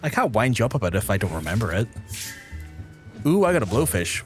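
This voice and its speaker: A man from Northern Ireland with a softened Belfast accent, chatting casually and teasing his chat while he streams a game, rambling and swearing as he goes. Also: lowish voice, big pitch swings, fast talker, soft background music.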